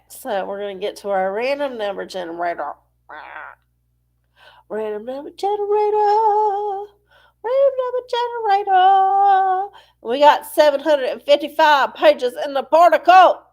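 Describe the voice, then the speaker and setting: A woman's voice: a little high, gravelly, darkish tone. Rambling, profane woman hosting a live stream. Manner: rambling, profane, goes off on tangents. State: sneezy from allergies. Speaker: live-stream oracle show host. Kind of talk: casual live-stream chat.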